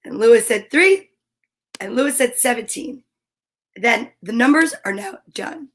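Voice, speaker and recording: A woman's voice: a little high, very animated, unhurried. A woman hosting a casual live stream from home, chatting playfully and reading viewer comments aloud.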